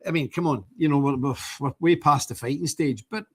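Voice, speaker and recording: A man's voice: on the high side, fairly quick, heavy background noise. An older man, hosting a livestream and talking to his viewers in an indignant, rambling way, repeating himself as he goes. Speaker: livestream host.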